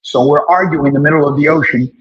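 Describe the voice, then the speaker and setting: An older man, an interview guest, telling stories from his past in a casual, animated way and acting out the dialogue. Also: on the high side, quick pace, dull audio. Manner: animated storyteller who acts out dialogue.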